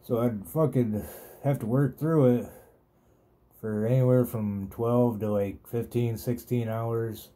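A man's voice: mid-range voice, steady tone, slow pace, mellow. A man hosting a podcast, telling a rambling, profane story in a laid-back, casual way. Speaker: podcast host.

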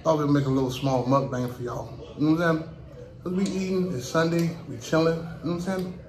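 A man's voice: fairly high pitch, fairly even intonation, brisk, a little mellow, roomy sound, poor audio. A middle-aged man from Chicago with a Chicago accent, hosting a casual mukbang with his grandchild in a laid-back way. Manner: laid-back, keeps saying "you know what I'm saying". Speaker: host, grandfather.

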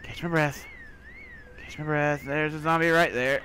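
A young man giving let's play commentary, talking to himself and breaking into panicked shouts, over faint game music. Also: fairly high pitch, steady tone, normal speed, heavy background noise. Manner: jumpy, talks to himself, bursts into panicked shouts. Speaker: gaming video creator.

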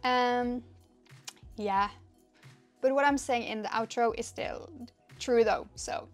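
A young woman with a slightly high voice, chatting in a giggly, excitable way and reading stories aloud for her channel. Faint music plays softly underneath her. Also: slow. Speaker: YouTuber. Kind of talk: casual vlog chat and story reading.

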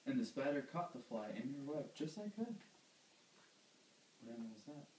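A man's voice: medium pitch, very animated, moderate pace, a little mellow, echoey room, slight background noise, poor audio. A man reading a picture book aloud to a toddler, patiently coaxing the child and quizzing him on animal sounds.

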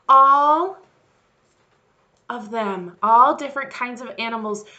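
A woman leading a children's message, telling a story to kids in an animated way and speaking to them directly. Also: mid-range voice.

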